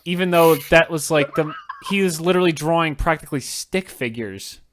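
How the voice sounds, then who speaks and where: A man's voice: on the high side, brisk, a little hiss or hum. Stammering man on a voice-call podcast. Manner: animated, argumentative, stammers when excited. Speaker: podcast host. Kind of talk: casual chat.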